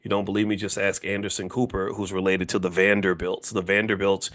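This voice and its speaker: A man in his fifties with a fairly low voice lectures casually on finance, pressing his points through repetition. He keeps throwing rhetorical questions at the listeners, in an emphatic, conversational way. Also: flat delivery, brisk, a bit bright. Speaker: finance educator and commentator.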